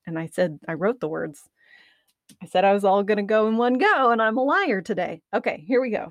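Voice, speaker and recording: A woman's voice: mid-range voice, expressive, measured pace, long pauses, no room sound, clean studio sound. Giggly, self-mocking woman podcast host. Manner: self-deprecating, giggly, restarts often. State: nervous, dry mouth. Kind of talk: casual recording outtakes, self-commentary. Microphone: studio microphone at a computer.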